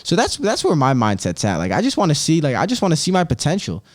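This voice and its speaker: A man's voice: fairly high pitch, wildly swooping pitch, fast. A man in his twenties hosting a casual podcast chat. He rambles in loose slang, swears freely, and keeps throwing in "bro" and "dude". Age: 20s. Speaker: podcast host.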